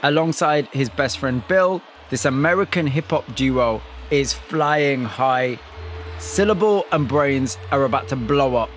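A male radio presenter narrating a documentary segment in a measured way and asking empathetic questions. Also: medium pitch, lively intonation, slight background noise. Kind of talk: scripted narration and interviewing.

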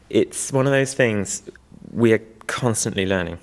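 Low gravelly-voiced man, wry and rambling. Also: moderate pace. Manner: self-deprecating, chuckling, rambling. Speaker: weaver restoring old looms. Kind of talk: documentary interview.

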